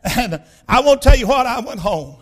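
High-voiced preacher telling stories. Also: male voice, expressive, normal speed. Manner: folksy, emphatic, bursts into shouting. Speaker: pastor. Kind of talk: storytelling sermon.

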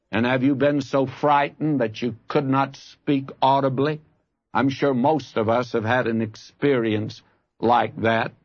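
A man's voice: medium pitch, no echo, dull audio. A man preaching a sermon, telling a personal story in a folksy, earnest way and rising to fervent appeals to his listeners. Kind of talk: radio Bible sermon.

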